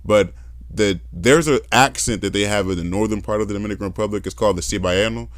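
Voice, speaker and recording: A young adult man hosting a podcast, chatting casually and telling animated stories with accent imitations. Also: lowish voice, quick pace, no echo, studio quality. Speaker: podcast host. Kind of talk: casual conversation.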